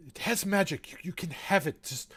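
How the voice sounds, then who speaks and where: A man's voice: high voice, moderate pace, a bit bright, breathy edge, voice pushed up, heavily acted. A man voicing a frightened male elf army deserter who stammers and pleads in a shaky voice. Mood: pleading, terrified.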